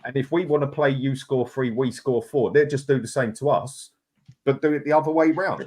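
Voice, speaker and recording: A man's voice: mid-range voice, brisk, darkish tone. A man on a live football fan panel, talking things through and putting questions to the others, with a sarcastic streak. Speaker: guest panelist. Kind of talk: casual football fan chat.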